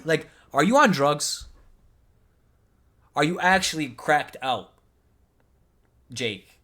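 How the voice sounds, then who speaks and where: Man from the US, reaction commentator; exasperated, sarcastic, argumentative delivery, voice sits a bit high. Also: expressive, takes it slowly, long pauses, bright, forceful tone. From United States.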